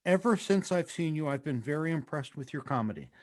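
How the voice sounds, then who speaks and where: A middle-aged man co-hosting a comedy talk show over a video call, telling stories in a teasing, deadpan way. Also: fairly high pitch, fairly quick. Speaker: podcast co-host. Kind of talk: casual chat on a video call.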